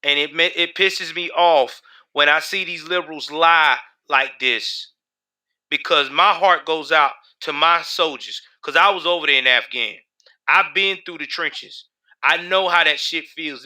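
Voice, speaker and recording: A man's voice: on the high side, bright, forceful tone. A man hosting a live stream, talking back to his chat in heated, profane commentary. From United States. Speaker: livestream host.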